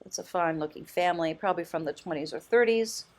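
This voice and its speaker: A woman vlogging casually as a thrift host, chatty and enthusiastic, often exclaiming and thinking out loud. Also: on the low side, fast. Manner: muses aloud, thinking out loud. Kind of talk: casual vlog commentary.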